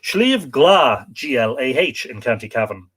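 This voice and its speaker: A man's voice: medium pitch, big pitch swings, unhurried, fairly bright tone, breathy edge. An Irish man hosting a live stream, reading from a book and adding chatty asides for viewers, sometimes spelling out place names. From Ireland.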